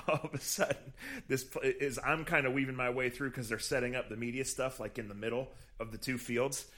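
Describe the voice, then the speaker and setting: A man on a casual podcast, spinning stories with an even, mid-range voice. He acts out the people in his stories and keeps the chat loose and conversational. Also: medium pitch, a little fast, few pauses. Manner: animated storyteller who acts out quotes. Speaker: podcast co-host, team reporter.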